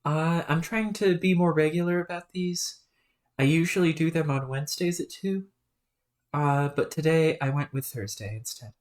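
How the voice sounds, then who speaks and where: A woman streaming a webcomic read-aloud, talking in a relaxed, rambling way with many fillers. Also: low-pitched, normal speed.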